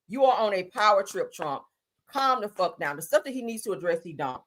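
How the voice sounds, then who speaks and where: Sassy woman livestream host with lively pitch. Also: brisk. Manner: animated, sassy, calls listeners honey, swears freely. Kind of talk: casual commentary on news and gossip.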